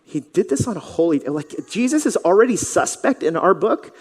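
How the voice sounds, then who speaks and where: A pastor voicing skeptical religious leaders who talk in a doubtful, hesitant way. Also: male voice, sits high, very animated, normal speed, slightly rough, exaggerated voice. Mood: suspicious. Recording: reverberant church hall.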